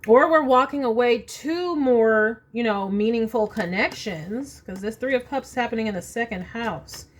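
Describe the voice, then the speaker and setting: A woman's voice: on the high side, normal speed. A woman reading tarot cards at home in a casual, chatty way, thinking aloud as she draws each card. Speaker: tarot reader.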